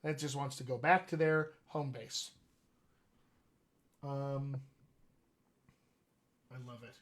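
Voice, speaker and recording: A man hosting a live question-and-answer session as a dialect coach, speaking in a chatty, animated way and often laughing. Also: medium pitch, slow pace. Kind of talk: casual live-stream chat.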